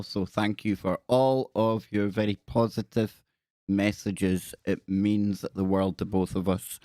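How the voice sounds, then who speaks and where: A man's voice: lowish voice, no echo, clean studio sound. A man hosting a live stream in a casual, chatty way, greeting viewers by name and making joking asides. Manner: jokey, self-deprecating asides.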